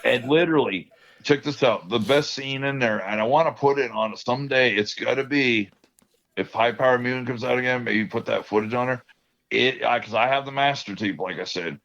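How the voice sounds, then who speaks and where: A man's voice: mid-range voice, fairly quick, fairly bright tone. A man telling rambling stories in casual podcast chat, laughing often. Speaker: podcast co-host. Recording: dull lo-fi sound.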